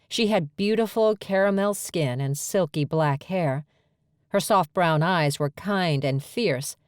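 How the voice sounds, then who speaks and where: A woman narrating a first-person romance audiobook with clear, steady storytelling. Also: low voice, no echo, clean studio sound.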